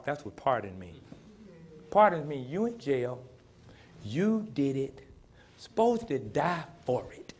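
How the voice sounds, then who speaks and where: A man preaching a sermon in plain, folksy speech, building to shouted emphasis and calling on the congregation to respond. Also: mid-range voice, slight background noise. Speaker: pastor.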